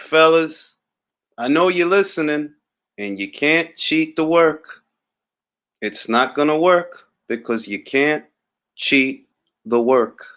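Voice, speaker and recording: A man's voice: medium pitch, a bit bright. Laid-back New York man on a livestream. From Harlem, New York. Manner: laid-back, drawling, wry and boastful. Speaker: boxing talk host reading live chat. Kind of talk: casual livestream chat.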